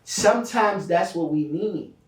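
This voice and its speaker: A man's voice: sits high, a little slow. A man who DJs, co-hosting a casual podcast chat, rambling through profane stories. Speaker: DJ and co-host. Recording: echoey room, distant mic.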